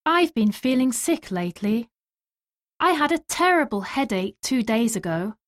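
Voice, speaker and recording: An actress playing a friendly young woman patient in a language-course dialogue, talking in an expressive way. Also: on the high side, normal speed. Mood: chatty.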